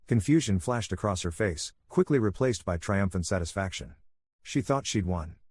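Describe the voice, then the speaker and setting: A man calmly narrating a first-person story in a soothing, even voice for listeners to fall asleep to. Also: sits low, moderate pace, slightly rough, dry recording, clean studio sound.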